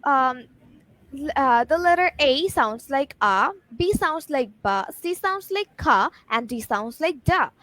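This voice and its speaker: A woman appearing as a guest on a live online show, explaining English pronunciation in a lively, emphatic way over a video call. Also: sits high, slow pace, dry recording, low-quality recording.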